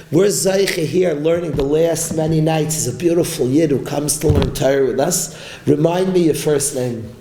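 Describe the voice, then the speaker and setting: A man's voice: high voice, darkish tone, reverberant, poor audio. A man, a rabbi, giving an impassioned Torah class to a learning group, repeating his points and mixing in Yiddish and Hebrew terms. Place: study hall with a learning group.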